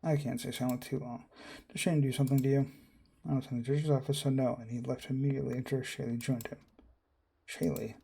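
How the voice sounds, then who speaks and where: A man's voice: medium pitch, level tone, a little fast, creaky, dark tone, slightly rough. A man reading a visual novel aloud, doing narration and all the characters in his own voice and reacting as he goes. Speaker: game streamer.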